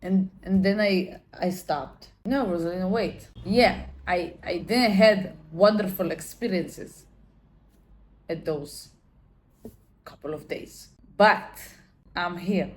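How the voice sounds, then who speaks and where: A woman's voice: fairly low pitch, takes it slowly, slight background noise. A woman vlogger telling a personal story in an emotional, candid way, swearing freely and restarting her sentences. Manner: talks with many fillers and restarts.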